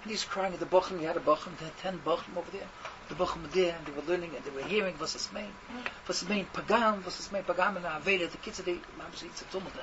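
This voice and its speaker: A man's voice: high voice, quick pace, hardly any pauses. A man telling a Hasidic tale in a rambling, repetitive way. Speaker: storyteller. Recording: dull recording with steady noise.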